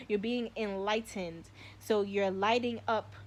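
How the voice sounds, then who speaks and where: A young woman hosting a spiritual live stream, speaking in an excitable, slangy way and swearing often. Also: medium pitch, a little slow, slight background noise.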